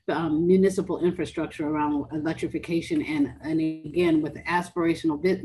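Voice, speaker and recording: Briefing speaker, female, lower register, rushed delivery full of self-corrections, light room noise. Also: warm tone, poor audio. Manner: fast, with many restarts and fillers. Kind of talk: policy briefing talk.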